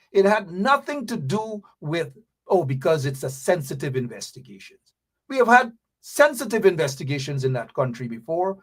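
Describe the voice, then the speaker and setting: A man hosting an opinionated live commentary show, emphatic and repeating his points. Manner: emphatic, repeats phrases, mock-sings, drops into low mutters. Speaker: talk show host.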